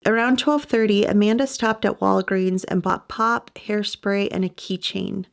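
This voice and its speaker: A woman's voice: medium pitch, fairly even intonation, measured pace, vocal fry. A woman hosting a podcast, reading scripted true-crime narration with sympathetic personal asides. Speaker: podcast host.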